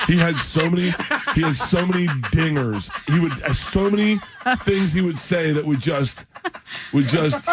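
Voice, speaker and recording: A man, a comedian guest in a radio studio, telling rowdy stories full of laughter and quick put-on voices. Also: a little high, crowd noise. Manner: laughing, animated storytelling with voices. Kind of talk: rowdy storytelling.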